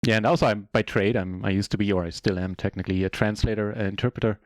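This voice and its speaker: A German man whose first language is German, chatting casually in a relaxed, self-deprecating way while commentating his own poker game on a live stream. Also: on the low side, quick pace, no room sound, studio quality.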